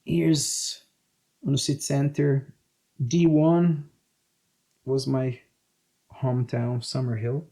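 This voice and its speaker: A man in his thirties from Brazil with a Brazilian accent, speaking English as a second language, telling animated, swear-filled stories as a podcast guest. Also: mid-range voice, slow, pauses often. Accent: Brazilian Portuguese. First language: Portuguese. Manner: swearing, animated, acts out quotes. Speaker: guest, jiu-jitsu coach. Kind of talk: casual storytelling interview.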